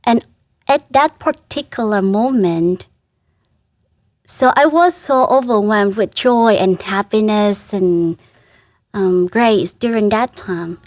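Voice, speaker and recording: A woman from Vietnam, a Catholic sister, speaking in a halting, earnest way and laughing softly between phrases as an interview guest. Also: medium pitch, no room sound, studio quality. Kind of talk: casual interview.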